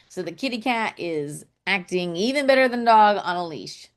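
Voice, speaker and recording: Slow-talking, chatty woman teaching. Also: mid-range voice, animated. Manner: chatty, says "okay" often, thinks aloud; taps out syllables and stresses aloud. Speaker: homeschool poetry teacher. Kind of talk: casual online writing lesson.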